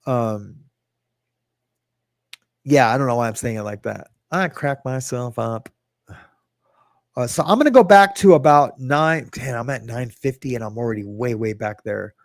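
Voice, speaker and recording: The host, a middle-aged man with a medium-pitched voice and a moderate pace, runs a casual livestream podcast where he reads chat comments aloud and rambles in a self-mocking way. The audio is clean studio sound with no echo.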